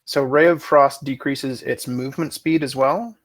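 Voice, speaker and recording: A man's voice: mid-range voice, fairly even intonation, moderate pace. A man running a tabletop game as game master, matter-of-fact and asking about the rules.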